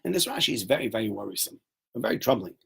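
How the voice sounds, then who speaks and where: A man's voice: lowish voice, expressive, racing, creaky, husky. A man giving a Torah lesson to a class, telling stories with animation and acting out quotes. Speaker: Torah teacher.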